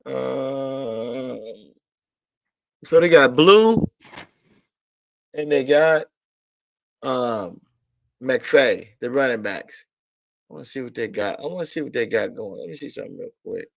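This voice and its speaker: A man's voice: mid-range voice, animated, slow pace, gravelly, long pauses, no room sound. A man ranting about football in a casual stream, blunt and profane, repeating himself in exasperation. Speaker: sports talk streamer. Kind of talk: casual sports rant. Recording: dull lo-fi audio.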